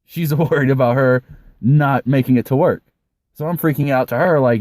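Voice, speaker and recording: A man's voice: mid-range voice, moderate pace, a little mellow, no room sound, clean studio sound. A young man telling a personal story in a casual, rambling way, swearing offhandedly. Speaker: vlogger.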